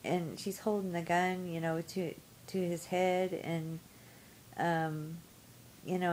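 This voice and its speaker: A woman's voice: fairly low pitch, flat delivery, slow pace, a little mellow, slight background noise, rough recording. A woman telling a story casually to camera, rambling with frequent ums and you-knows. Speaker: vlogger.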